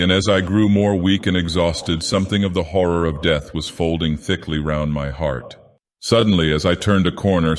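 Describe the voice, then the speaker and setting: A man reading a storybook tale in the voice of an ancient, brooding male god-villain, with slow, grave, dramatic delivery. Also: low voice, lightly acted. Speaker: narrator. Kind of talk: scripted storybook narration. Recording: long reverb.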